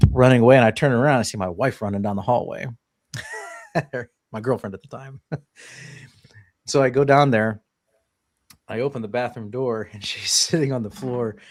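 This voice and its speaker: A man's voice: medium pitch, no echo, clean studio sound. A man in casual conversation, telling a personal story animatedly with frequent laughs and restarts.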